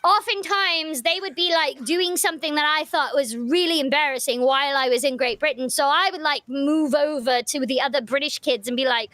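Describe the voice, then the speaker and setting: A young woman guesting on a live stream, telling stories in a bubbly, rapid way. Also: high voice, fairly bright tone, dry recording. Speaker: voice actress guest. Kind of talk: casual live-stream chat.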